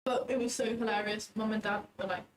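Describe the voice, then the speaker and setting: A woman joining a friend's live stream, excitable and teasing in casual chat. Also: medium pitch, fairly quick, a little hiss or hum, poor audio. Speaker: co-host friend.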